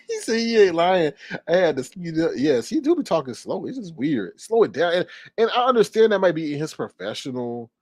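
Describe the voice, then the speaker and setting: Male streamer, commentary rant; sassy and quick, mocking impressions; bright high pitch, dry room. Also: husky, dry recording. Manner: animated, sassy, fast-talking with mocking impressions.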